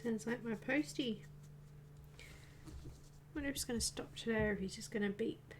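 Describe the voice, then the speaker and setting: A woman hosting a live coloring stream, murmuring quietly to herself as she works and chatting casually with viewers. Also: on the high side, moderate pace, slight background noise. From Australia. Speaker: livestream host.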